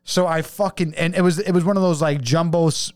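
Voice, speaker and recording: A man's voice: fairly high pitch, steady tone, fairly quick, darkish tone, no room sound. A man in his thirties, a podcast co-host, telling a long rambling story in casual chat, laughing and swearing often.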